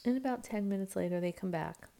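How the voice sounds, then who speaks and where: Her voice gravelly and her pace quick, a woman in her thirties from the United States talks casually to her camera at home. This vlogger and mother meanders through a family tale, performing people's lines with sudden shifts in pitch and volume, recorded on the camera's own mic.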